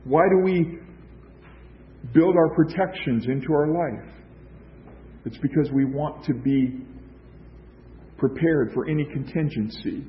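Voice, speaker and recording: A man's voice: a little high, a little slow, long pauses, a little hiss or hum. A man delivers a sermon from the pulpit in a slightly raised voice. He preaches emphatically, building points through rhetorical questions and repetition. The recording sounds dull and lo-fi. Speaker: pastor.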